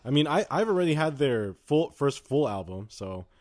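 A man's voice: medium pitch, sing-song, moderate pace, darkish tone. A young man co-hosting a podcast, chatting casually and rambling with fillers and laughs. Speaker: podcast co-host. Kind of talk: casual chat.

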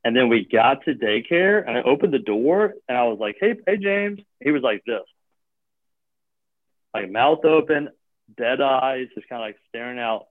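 A man's voice: mid-range voice, animated, normal speed, no room sound. A man rambles through casual chat, piling on filler words and restarting his sentences. His voice comes through a tinny, phone-like line with a dry, close sound. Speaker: guest; gym owner or coach.

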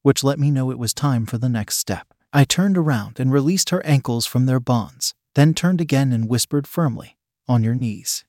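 A man narrating a first-person story in a steady, measured reading voice. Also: mid-range voice, no room sound, studio quality.

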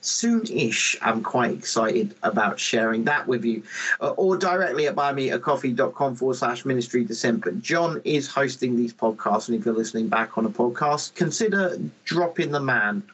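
A man's voice: mid-range voice, lively intonation, moderate pace, a bit bright, slightly rough, low-quality recording. A man with an English accent hosting a podcast, chatting casually with sarcastic jokes and heavy swearing. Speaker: podcast host. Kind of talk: casual chat.

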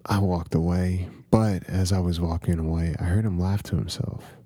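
A man's voice: sits low, fairly even intonation, moderate pace, dark tone, dry recording. A man hosting a podcast, narrating a first-person horror story in a conversational, confiding way.

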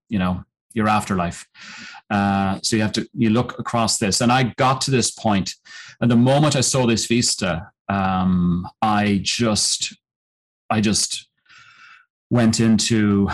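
Reflective, halting man telling a story. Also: fairly low pitch, a little hiss or hum, rough recording. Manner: reflective, halting, with frequent fillers and restarts. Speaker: podcast guest, mountaineer and coach. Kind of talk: storytelling in an interview.

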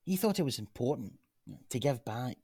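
A man's voice: medium pitch, moderate pace, husky, no room sound, clean studio sound. A man playing an earnest Glaswegian local. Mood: reflective. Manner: earnest, persuasive, animated. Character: earnest local man, grandson of a chip-shop cook. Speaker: local man pitching a gym. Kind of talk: radio drama acting.

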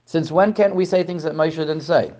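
Animated man teaching a class. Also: fairly high pitch, moderate pace, highs cut off. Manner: animated, repeats words, asks questions. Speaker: Torah teacher. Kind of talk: lecture to a class.

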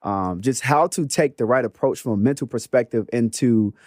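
A man, a guest coach, explaining money matters in a casual interview, energetic and acting out little quoted voices. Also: mid-range voice, normal speed, no room sound, clean studio sound. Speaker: guest, mindset and financial literacy coach.

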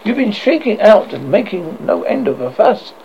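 A man's voice: high-pitched, sing-song, moderate pace, gravelly, dark tone, dull audio, a little hiss or hum, exaggerated voice. A man doing a fretful young student. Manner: fretful, exasperated. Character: worried young male student neighbour.

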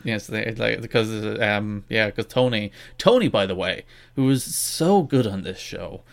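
A man co-hosting a podcast in casual chat, talking quickly and restarting his sentences often. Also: on the low side, animated, gravelly. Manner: quick, self-interrupting talk with frequent restarts. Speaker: podcast co-host.

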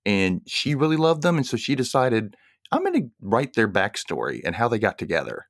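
A man co-hosting a casual podcast chat, animated and laughing often as he acts out quotes. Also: medium pitch, moderate pace, no room sound, clean studio sound. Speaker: podcast co-host.

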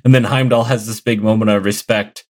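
A man's voice: fairly low pitch, steady tone, fairly quick. Rambling young man, podcast co-host. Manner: rambling, retells scenes with many fillers. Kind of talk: casual podcast chat.

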